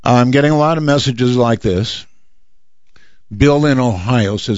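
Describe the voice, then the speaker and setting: A man hosting a radio call-in show, speaking in a relaxed, wry way with frequent fillers. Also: medium pitch, a little slow, long pauses, no echo. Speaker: radio talk show host. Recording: dry, slightly dull broadcast audio.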